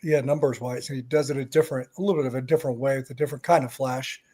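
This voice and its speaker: A man's voice: mid-range voice, fairly even intonation, racing, dark tone. A man co-hosting a sports podcast, giving thoughtful analysis that often trails off and restarts.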